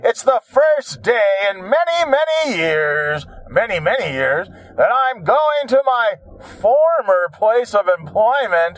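An older man in his sixties talks through his own troubles with a high, animated voice that climbs and drops widely. He swears freely and mocks himself with a wry streak. The sound is dry and close. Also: takes it slowly, few pauses, dry recording. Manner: profane, wry, self-mocking storytelling. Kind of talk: rambling personal monologue.

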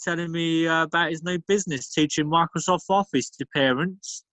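A man's voice: a little high, normal speed, sharp tone, no room sound. A man voicing a cocky male London pub regular who tells crude jokes, with a London accent. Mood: cheeky. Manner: cheeky, crude joke-telling. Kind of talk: comedy podcast character bit.

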